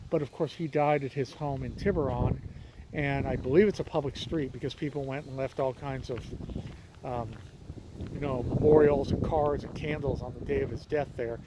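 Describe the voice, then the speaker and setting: A man's voice: medium pitch, fairly even intonation, moderate pace. A man hosting a casual walking vlog outdoors, telling a story in a rambling way and often correcting himself. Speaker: vlog host. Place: outdoors on a windy street. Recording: outdoor street noise with traffic.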